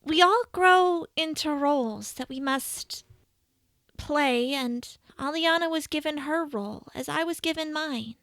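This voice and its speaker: Regal cat goddess elder, slow and tender; a woman acts her, close dry sound. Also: high-pitched, fairly bright tone, no room sound. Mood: solemn.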